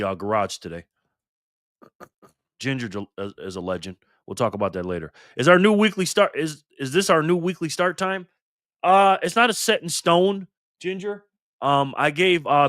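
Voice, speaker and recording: An older man talks fast and fired up on his own live stream, cursing freely and calling viewers "man" and "brother." His voice is bright and forceful, and the sound is dry and close with no room echo. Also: a little high. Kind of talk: casual live stream talk. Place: garage.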